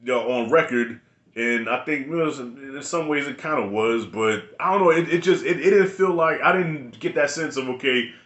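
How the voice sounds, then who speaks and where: A man's voice: mid-range voice, moderate pace, fairly bright tone. Rambling slangy man in an echoey room. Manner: loose, rambling, slangy and profane. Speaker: video reviewer. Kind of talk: casual spoken review.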